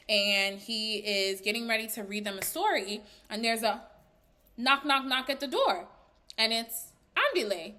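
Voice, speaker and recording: A woman giving a casual, chatty recap of a reality show, animated and full of fillers, often breaking into laughs. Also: medium pitch. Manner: laughs while talking. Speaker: recap vlogger.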